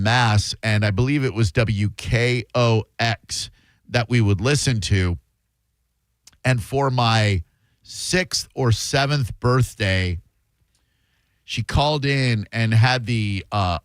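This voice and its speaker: A man's voice: on the low side, clear, resonant tone, no room sound, studio quality. Self-mocking male radio host. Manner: rambling, self-mocking storyteller. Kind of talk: casual radio talk. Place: radio studio.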